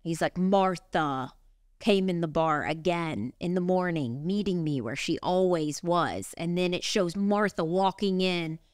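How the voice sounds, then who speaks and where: A woman's voice: fairly low pitch, measured pace, smooth, dry recording, clean studio sound. A woman in her thirties co-hosting a podcast, telling stories animatedly in casual chat. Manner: animated storytelling, quoting herself in raised voices. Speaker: podcast co-host.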